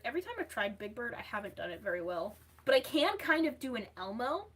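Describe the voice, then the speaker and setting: Chatty woman streamer, bright voice. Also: fairly high pitch, expressive, normal speed, slight background noise. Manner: reads viewer comments aloud and replies. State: losing her voice. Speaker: livestream host. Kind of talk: casual livestream chat.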